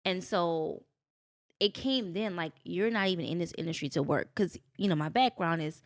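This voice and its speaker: A middle-aged woman, a podcast guest, telling personal stories in an animated, expressive way, acting out quotes and speaking with faith. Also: lowish voice, normal speed. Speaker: guest, business owner.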